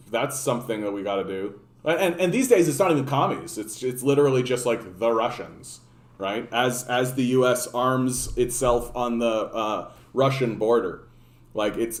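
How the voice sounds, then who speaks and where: A man's voice: medium pitch, darkish tone. A man giving a casual political rant as a streamer, sarcastic and profane, rambling with fillers and restarts. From Canada. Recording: echoey room.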